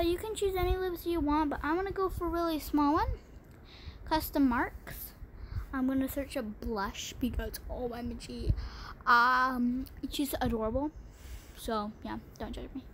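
A woman's voice: high voice, slight background noise. A woman chatting through a game tutorial, gushing over items and complaining dramatically. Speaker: gaming channel host. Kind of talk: casual game tutorial chat.

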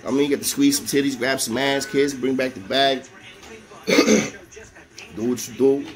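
Animated New York man telling a story. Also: medium pitch, unhurried, soft background music. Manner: animated, laughing often, street slang. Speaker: storyteller recalling prison life. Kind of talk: casual storytelling.

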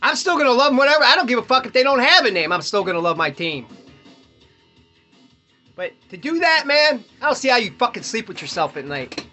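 A man's voice: very high voice, sing-song, brisk, sharp tone, highs cut off, soft background music. A man hosting a podcast, ranting bluntly and profanely in casual talk while opening baseball cards, chuckling often. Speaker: podcast host.

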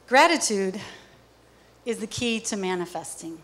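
Woman, motivational stage speaker, animated storyteller. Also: mid-range voice, moderate pace, noisy background. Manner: lively, acts out little scenes. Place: theater stage.

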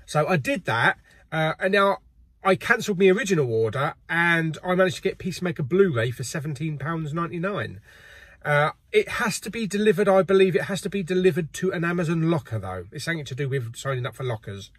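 Brief: middle-aged host, husky and slightly high-pitched, casual and jokey. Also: male voice, lively intonation, a little fast, a bit bright, dry recording. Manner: chatty and jokey, laughs often. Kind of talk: casual chat.

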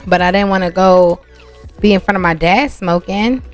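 A woman's voice: on the low side, normal speed, faint music behind, lightly acted. A woman voicing a sneaky, pleading teenage girl in a life-sim game story. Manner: pleading, evasive.

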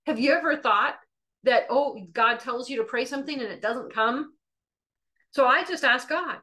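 Lively, bright-voiced woman telling a story. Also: sits high, moderate pace. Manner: lively storyteller acting out dialogue; conversational, with fillers and restarts. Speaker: Christian teacher. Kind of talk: testimony-style teaching.

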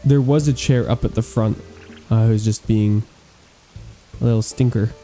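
A man giving excitable, gushing gameplay commentary as he tours a game island, cracking playful puns. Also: lowish voice, moderate pace, faint music behind. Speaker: gaming YouTuber touring an island.

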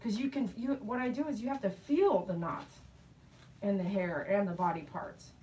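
A middle-aged woman and dog groomer chatting casually while she grooms, telling animated stories and laughing often. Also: mid-range voice, moderate pace, distant mic, low-quality recording. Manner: chatty, animated storytelling with quoted voices.

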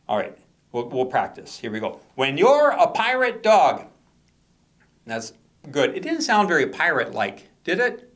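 A man, a children's author, performing his poems and songs for kids, playfully coaxing them to join in. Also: on the high side. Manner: playful, coaxing call-and-response.

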